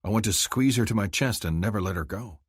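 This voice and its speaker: An audiobook narrator reads a first-person fantasy romance in a low, husky voice, his pitch moving a lot and climbing high when he voices the heroine. He reads fast, and the sound is dry and close-miked with no room sound.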